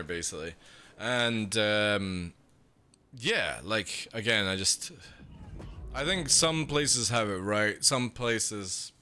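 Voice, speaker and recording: A man's voice: on the low side, pushed and bright. A young man from the UK chatting casually on a livestream, rambling, swearing and laughing as he reads chat. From United Kingdom. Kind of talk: casual stream chat, reading chat.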